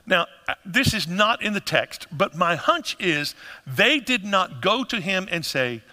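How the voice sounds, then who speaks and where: A man preaches with great animation, his voice pitched high and swinging widely as he acts out scenes for his congregation. The sound is strikingly bright and carries a long hall reverb. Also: very animated, unhurried. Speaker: pastor. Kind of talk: sermon.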